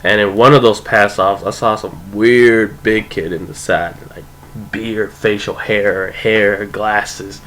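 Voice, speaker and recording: Rambling young man, lowish voice. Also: steady tone, takes it slowly, fairly bright tone, a little hiss or hum, poor audio. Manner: rambling, filler-heavy, profane, with lots of "like" and "you know". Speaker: storyteller. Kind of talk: casual rambling anecdote.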